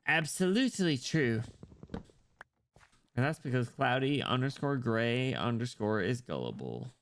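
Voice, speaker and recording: A man with an American accent and a gravelly, creaky voice keeps up loose commentary as he plays on stream. He rambles, jokes and swears freely. His pitch sits in an ordinary middle range. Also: animated, normal speed. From United States. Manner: rambling, joking, swears a lot. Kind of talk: casual gameplay commentary.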